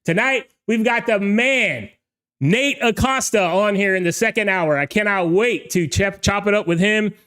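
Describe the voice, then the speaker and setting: An excited man hosts a live online show, shouting greetings to his viewers. His voice sits high and comes across smooth and clear. He rambles and stumbles over his words in his eagerness. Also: moderate pace. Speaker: livestream show host and DJ. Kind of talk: energetic livestream hosting.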